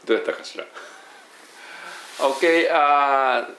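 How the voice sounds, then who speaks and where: A man's voice: medium pitch, rapid-fire, a little hiss or hum. A man who speaks Japanese natively, with a Kansai Japanese accent, teaches English at a university and talks in a casual solo monologue, hesitant and full of fillers and self-corrections. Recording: roomy echo.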